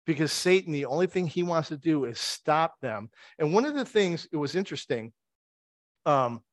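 A man's voice: fairly high pitch, lively intonation, normal speed, dry recording, studio quality. Wry, chatty male preacher. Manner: chatty storytelling with wry asides and rhetorical questions. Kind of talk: conversational sermon.

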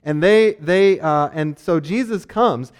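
A man with a notably high voice gives a sermon in a loose, conversational way. He explains a Bible passage and briefly acts out the people in it, with plenty of casual fillers. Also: smooth. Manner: conversational, acts out characters in quick asides; frequent fillers and restarts, laughs lightly. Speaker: preacher.

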